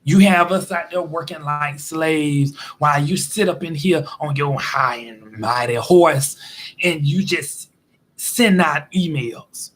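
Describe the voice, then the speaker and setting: A fed-up office worker, as a man puts him on, lays into his manager with a high voice. He drags every word out slowly and swaps the curses for bleeped-style filler. He keeps going insult after insult. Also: a little hiss or hum, close to an everyday voice.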